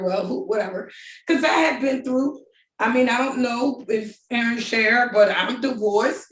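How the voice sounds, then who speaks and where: Animated storytelling woman in an echoey room. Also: a little high, distant mic, a little hiss or hum. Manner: animated, laughing, quoting others in voices. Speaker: guest telling her relationship story. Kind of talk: casual storytelling.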